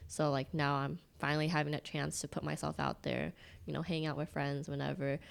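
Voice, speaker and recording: A woman's voice: low voice, little pitch movement, brisk, gravelly. A young woman with a Californian accent, chatting casually on a community podcast with lots of fillers. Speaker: podcast co-host. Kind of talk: casual chat.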